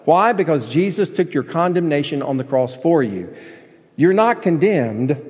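A pastor preaching a sermon in a somewhat high male voice, driving his points home with emphatic repetition and questions thrown out to the congregation. His voice rings through a large church sanctuary with a long, trailing reverb. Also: darkish tone.

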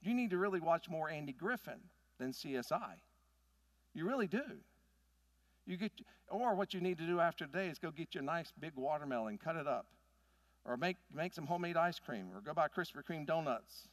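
A man in his sixties preaches with a lively, swooping voice that climbs high. He tells folksy stories and swings from booming to hushed, and the sound is dry and close. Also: a little fast, no room sound. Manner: animated, folksy storytelling with big swings in loudness. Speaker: pastor. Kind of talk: sermon.

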